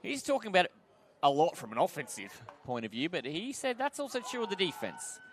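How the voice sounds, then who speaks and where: An excitable Australian play-by-play commentator with a high voice calls a game at a fairly quick pace. On the big plays he climbs to shouting.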